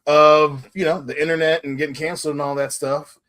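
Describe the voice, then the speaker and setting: A man's voice: fairly high pitch, little pitch movement, brisk, fairly bright tone. A man co-hosting a podcast, rambling and casually cursing. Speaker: podcast co-host. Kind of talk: casual chat.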